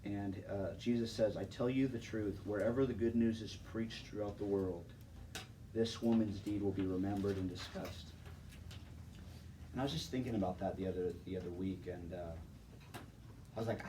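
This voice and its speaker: A man's voice: fairly low pitch, fairly even intonation, moderate pace, warm tone. A young man casually telling his personal testimony to a live audience. He speaks in a laid-back, chatty way, laughs often and calls people "man" and "dude". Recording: distant mic with faint background noise.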